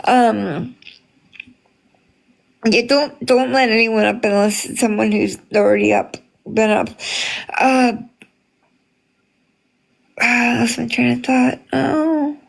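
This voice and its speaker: A woman's voice: on the high side, slow, vocal fry, long pauses. A woman hosting a casual livestream, chatting with viewers and greeting them by name, with many fillers. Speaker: livestream host reading chat.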